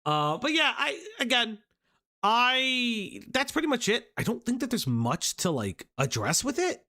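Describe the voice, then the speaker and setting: A young man hosts a commentary livestream in a high, sharp-toned voice. He rambles and swears casually, with lots of fillers and restarts.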